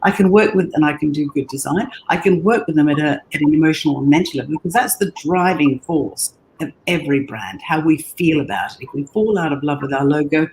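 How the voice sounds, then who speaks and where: A brand designer appears as an earnest guest in a relaxed interview, telling her story. She speaks haltingly and doubles back on words as she thinks, her pitch leaping up when she gets excited, with a faint hiss beneath her voice.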